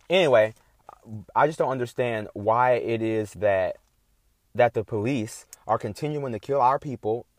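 Profane, indignant man with lowish voice. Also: no room sound. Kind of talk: casual heated monologue.

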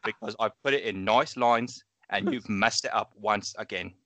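A man's voice: fairly low pitch, moderate pace, sharp tone, no echo. A man co-hosting a casual podcast chat, rambling, trailing off and laughing often. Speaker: podcast co-host.

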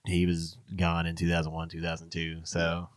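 A man's voice: low-pitched, completely flat delivery, moderate pace, crowd noise. A young man co-hosting a podcast, chatting loosely, swearing and laughing often. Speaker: podcast co-host, metal musician. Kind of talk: casual chat.

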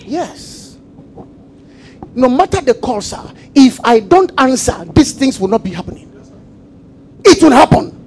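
A man preaching a sermon, repeating phrases and calling for the congregation to answer, shifting between shouts and quiet asides. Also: very high-pitched, very animated, measured pace, pauses often, husky, rough recording. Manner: emphatic call-and-response preaching with repetition.

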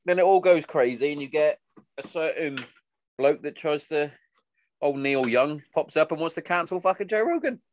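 A man's voice: a little high, normal speed, lo-fi sound, a little hiss or hum. A man chatting casually, swearing often and acting out the stories he tells. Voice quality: sweary, animated storytelling. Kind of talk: casual chat.

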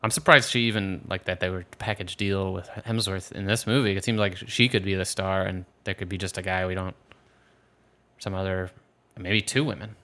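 A man's voice: low voice, steady tone, normal speed, pushed and bright. A man from the Philadelphia area chatting casually about a film as a podcast co-host, rambling with frequent restarts. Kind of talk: casual movie discussion.

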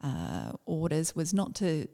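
A middle-aged Australian woman, a former army officer, telling a personal story in a reflective, halting way with many fillers. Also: low voice, wildly swooping pitch, gravelly, mellow.

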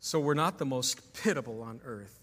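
A man's voice: medium pitch, moderate pace, a bit bright, long reverb tail. A man preaching a sermon as pastor to his congregation, emphatic, asking the room questions. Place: church sanctuary.

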